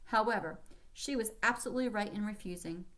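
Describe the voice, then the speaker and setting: Woman voicing a bright, teasing young lady. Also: medium pitch, a little fast, natural voice. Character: lively young lady of the house.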